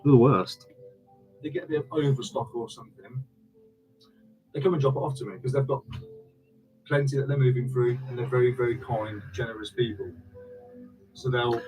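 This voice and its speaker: A man's voice: mid-range voice, poor audio. A man chatting casually on a live stream, repeating himself and thanking viewers. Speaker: online reseller and streamer.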